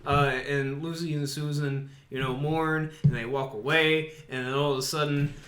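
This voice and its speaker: A man co-hosting a casual podcast, retelling a film plot in a halting, rambling way with lots of fillers. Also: fairly high pitch, fairly even intonation, a crowd in the background. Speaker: podcast co-host. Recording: echoey room.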